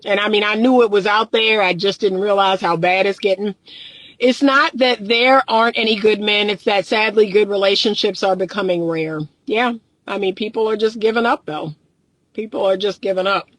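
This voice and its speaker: A woman's voice: medium pitch, normal speed, no echo, low-quality recording. Woman, relationship coach, earnest and emphatic, repeats herself for emphasis, talks right to viewers, dry close sound. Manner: addresses viewers as "y'all". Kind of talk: direct-to-camera monologue.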